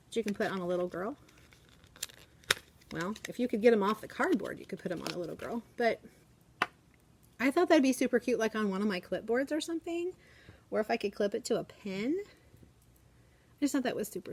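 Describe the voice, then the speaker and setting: Chatty woman teacher vlogging from her classroom. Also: medium pitch. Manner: chatty, rambling, animated when quoting kids. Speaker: elementary school teacher. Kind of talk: casual classroom vlog chat.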